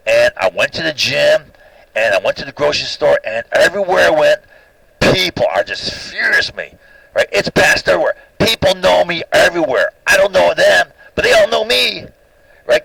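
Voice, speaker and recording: A man giving a lecture monologue, insistent, constantly checking with "right?" and growing louder and higher when worked up. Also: creaky, husky, no room sound, poor audio. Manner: rising pitch and volume when agitated.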